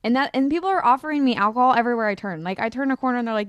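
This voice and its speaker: Female co-host, bright higher voice, laughing storyteller. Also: very fast, smooth, no room sound, dull audio. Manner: giggly, animated storyteller. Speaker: radio show co-host. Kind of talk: casual chat.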